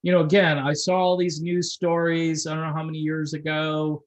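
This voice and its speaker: A man's voice: on the high side, monotone, normal speed, low-quality recording. A man hosting an interview, talking with enthusiasm as a fan. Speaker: interview host. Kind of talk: casual interview conversation.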